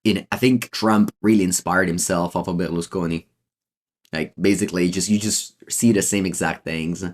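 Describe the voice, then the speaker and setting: Italian-accented male streamer, low voice, rambling game commentary full of ums. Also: steady tone, moderate pace. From Italy. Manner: rambling, many fillers and restarts. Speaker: streamer playing a card game. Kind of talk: casual gameplay commentary, answering chat.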